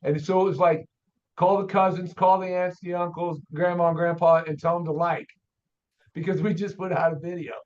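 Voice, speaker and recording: An older man, an auto shop owner, telling a story in a folksy, animated way as a guest on an interview show. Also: high-pitched, fairly quick. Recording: dull lo-fi audio.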